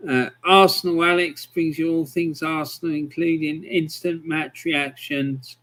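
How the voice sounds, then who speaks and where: A man's voice: on the high side, steady tone, unhurried, fairly bright tone. A man hosting a live stream, chatting casually with viewers and rambling with frequent ums as he reads out their messages.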